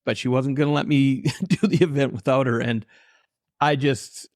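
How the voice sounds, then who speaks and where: A man's voice: mid-range voice, steady tone, normal speed, dry recording, studio quality. A man guest on an interview podcast, telling heartfelt personal stories and acting out the lines of the people in them. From Canada. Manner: heartfelt, anecdotal, quotes his own dialogue. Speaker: author and trainer, guest.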